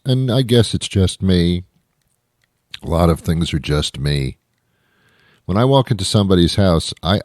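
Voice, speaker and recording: A man's voice: lowish voice, a little mellow, dry recording, clean studio sound. A man hosting a comedy show, rambling in a sardonic monologue and talking to an imagined listener. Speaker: radio comedy host.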